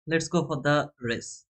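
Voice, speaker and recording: A man with a South Asian English accent hosting a live stream, chatting casually and reading names aloud with excited bursts. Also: fairly high pitch. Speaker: trading channel host running a giveaway.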